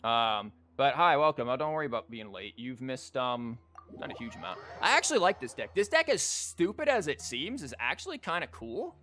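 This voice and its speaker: A man's voice: mid-range voice, big pitch swings, a little fast, bright, forceful tone. A man with a sore throat, chatting casually as he comments on a card game, rambling with fillers. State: sore throat, losing his voice. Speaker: streamer and teacher. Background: game music.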